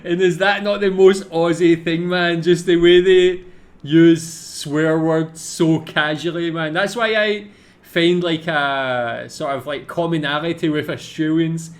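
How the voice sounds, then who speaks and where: Scottish man, laid-back reaction host, slow unhurried speech, slightly high voice. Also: fairly even intonation. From Scotland. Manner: laid-back, laughs often, says "man" a lot. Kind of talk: casual reaction commentary.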